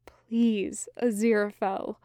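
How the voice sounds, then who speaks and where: A woman's voice: fairly high pitch, steady tone, unhurried, a little mellow, no echo, clean studio sound, close to an everyday voice. A woman doing a stammering, pleading demon. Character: frightened pleading male demon.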